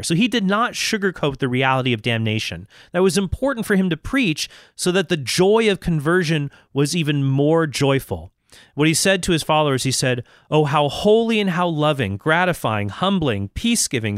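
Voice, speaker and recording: Man, Catholic speaker, slightly high voice, lively storytelling, dry close mic. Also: no room sound. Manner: animated storyteller, reads quotes slowly and emphatically. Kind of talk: lecture-style talk on saints.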